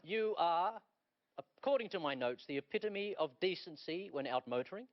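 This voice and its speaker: A man's voice: a little high, lively intonation, moderate pace. A man hosting a TV panel show, asking teasing, dry questions. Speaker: host. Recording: dull lo-fi TV audio with noise.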